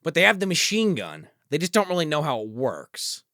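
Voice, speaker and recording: Animated bright-voiced male podcast co-host. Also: a little high, fairly quick, dry recording, studio quality. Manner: animated, swearing, acting out lines in silly voices. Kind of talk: casual movie review chat.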